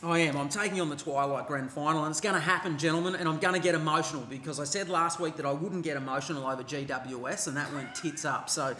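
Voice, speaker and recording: A man's voice: a little high, fairly even intonation, fast, hardly any pauses, sharp tone. An Australian man co-hosting a podcast, making earnest points with some hesitations. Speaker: podcast co-host. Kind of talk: casual podcast discussion. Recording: roomy studio with faint noise.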